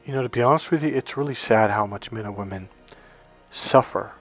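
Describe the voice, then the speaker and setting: A man's voice: lowish voice, fairly quick, faint music behind. A man speaking as a dating coach in a persuasive, emphatic monologue to his viewers. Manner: emphatic, persuasive, acts out quoted voices.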